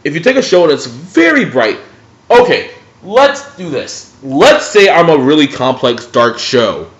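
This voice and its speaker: A young man ranting casually about TV cartoons in a dim room at home, animated and profane. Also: fairly high pitch, unhurried. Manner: animated, profane, jumps between mocking impressions. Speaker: video blogger. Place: dimly lit room at home. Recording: dull, lo-fi home recording.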